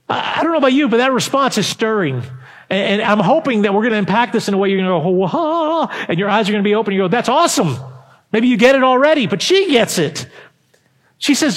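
A man preaching a sermon, emphatic and fervent, rising to loud peaks and dropping low, often asking the congregation questions. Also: expressive, brisk. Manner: addresses the congregation directly with questions. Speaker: pastor.

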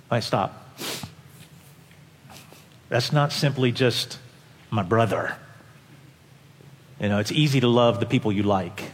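A man preaching a sermon as a pastor, impassioned, swinging from quiet, low passages to loud, high peaks. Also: steady tone, a little slow, pauses often. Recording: long hall reverb.

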